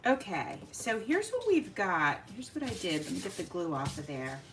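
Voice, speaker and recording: A woman hosting a casual craft livestream, chatting warmly with viewers by name and laughing often as she works. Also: lowish voice, sing-song, moderate pace, slight background noise.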